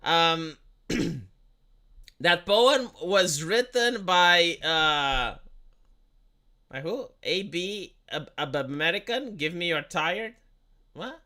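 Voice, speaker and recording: A man ranting on a live stream in a bright, sharp voice that swings widely in pitch. He swears freely and stumbles over repeated words. He keeps throwing rhetorical questions at his audience. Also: animated, extremely slow, pauses often. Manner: profane, heated, stammers and repeats words; argumentative, asks rhetorical questions. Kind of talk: casual political rant on a live stream.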